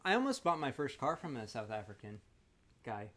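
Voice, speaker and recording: A man's voice: mid-range voice, big pitch swings, a little fast, fairly bright tone. Dry, quipping male co-player, mid-range voice. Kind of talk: casual game-stream chat.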